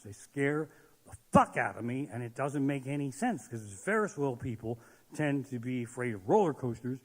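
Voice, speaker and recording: A man doing a profane stand-up comedy set on stage, ranting and shouting his punchlines. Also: mid-range voice. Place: live comedy stage in a large hall. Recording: live venue with long hall reverb.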